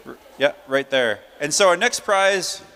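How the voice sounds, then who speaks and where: A man with a high, light voice calls out prize winners at a live conference. He speaks in a loose, joking, chatty way. His voice rings with a long reverb from the big hall around him. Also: lively intonation, a little slow, sharp tone. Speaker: emcee drawing prize winners.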